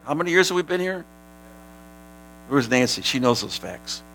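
A man preaching a sermon as pastor, animated, sometimes shouting, and laughing with his congregation. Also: a little high, normal speed, a little hiss or hum, low-quality recording.

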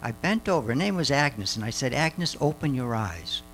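A man's voice: medium pitch, very animated, moderate pace, a bit bright, slight background noise, low-quality recording. An older man telling a church audience about a mission trip, rambling with many fillers and restarts.

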